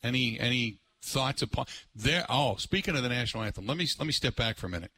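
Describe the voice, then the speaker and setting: Bright-voiced sports radio host. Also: male voice, medium pitch, quick pace. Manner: rambling, filler-heavy, excitable. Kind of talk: live sports radio talk. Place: live remote broadcast at an ice center.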